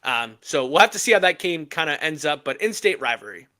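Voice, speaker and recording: A man co-hosting a sports podcast, talking in a casual, emphatic and animated way. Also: fairly high pitch, a little fast. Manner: animated, emphatic rants with laughs. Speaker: podcast co-host.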